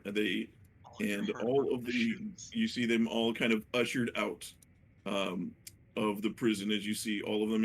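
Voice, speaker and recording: A man narrating a tabletop game as dungeon master, hesitant and full of fillers, with a gravelly voice. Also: mid-range voice, a bit bright. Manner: hesitant, many fillers and restarts.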